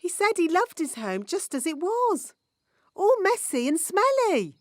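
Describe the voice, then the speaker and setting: An actress voicing a bossy, matter-of-fact grown-up fairy nanny in a children's cartoon, chanting little spells. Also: female voice, very high-pitched, big pitch swings, a little slow, no echo, clean studio sound, heavily acted.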